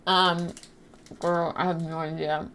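A woman's voice: lowish voice, level tone, slow, a bit bright. A young woman livestreaming a game, chatting casually and apologetically while reading and thanking her chat. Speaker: livestreaming gamer.

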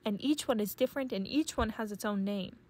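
A woman voicing an excited young girl bear cub in a children's read-aloud, breathless and pleading. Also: mid-range voice, a little fast, lightly acted.

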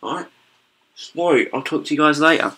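A young British man gives rambling, self-deprecating commentary over a video game, with a bright, forceful tone. He sounds a little distant from the mic, with a faint hiss of noise in the background. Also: a little high, normal speed. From Britain. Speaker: gaming YouTuber. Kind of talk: casual gameplay commentary.

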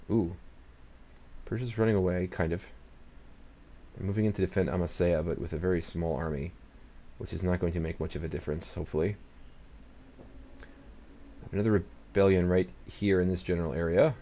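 Man, deep voice, gravelly fry, casual gameplay commentary, mutters and curses at the screen. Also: warm tone. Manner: muttering to himself, talks to the game's nations, swears. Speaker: gaming channel host. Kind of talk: casual let's-play commentary.

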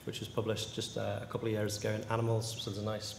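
A man moderating a panel discussion, speaking in a measured, courteous way with frequent hesitations. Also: on the low side, completely flat delivery, gravelly, background noise. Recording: echoey hall with faint room ambience.

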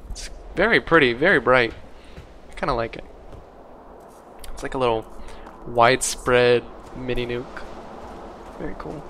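A man talks through his gameplay in a loose, wry, rambling way. Gunfire and game noise crackle clearly behind his voice, and his pitch sits mid-range. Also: a little slow, long pauses, sharp tone. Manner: wry, rambling, puts on silly voices for enemies. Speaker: gameplay commentator. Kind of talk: casual let's play commentary. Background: gunfire and game sounds.

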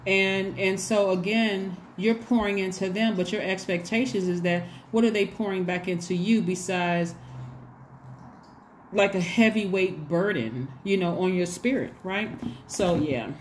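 A woman's voice: mid-range voice, a little slow, slight background noise. A woman giving a casual tarot reading to her viewers, chatty and repetitive, often acting out little bits of dialogue. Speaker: tarot reader.

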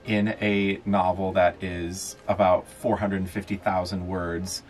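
Casting: male podcast co-host, very low voice, enthusiastic, laughs easily, faint music underneath. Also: level tone, slow. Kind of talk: casual chat.

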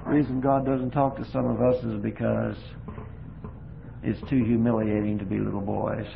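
A man's voice: lowish voice, level tone, normal speed, gravelly. A man preaching a folksy sermon, telling homespun stories with repetitive emphasis, on a phone-like lo-fi recording with faint hiss.

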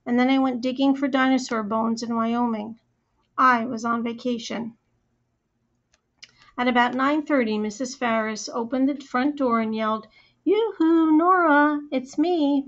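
A woman reading a first-person children's story aloud in a lively, chatty storytelling manner. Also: on the high side. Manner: lively, chatty storytelling as a young girl narrator. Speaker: audiobook reader. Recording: slightly muffled recording.

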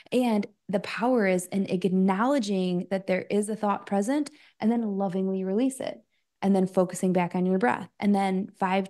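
A woman's voice: medium pitch, mellow. A woman coach speaking as an interview guest, talking in a loose, chatty way with lots of fillers and little acted-out asides of her own thoughts. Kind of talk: casual interview talk.

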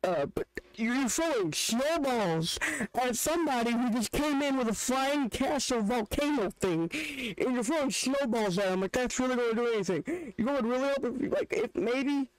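A man's voice: very high voice, expressive, normal speed, smooth, dry recording, low-quality recording. A young man hosting a reaction video, joking and ranting in casual, rambling commentary. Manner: joking, rants with restarts.

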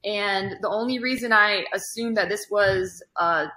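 A woman hosting a casual interview, calmly recounting events and reacting briefly to her guests. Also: medium pitch, a little slow. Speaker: host. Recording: roomy echo.

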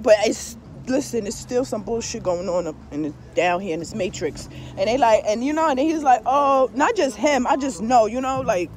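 A woman's voice: on the high side, slight background noise. A woman tarot reader talking in a casual, rambling monologue, blunt and full of swearing, with frequent laughs and asides. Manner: profane and blunt, peppered with swear-word fillers. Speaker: tarot reader and spiritual vlogger.

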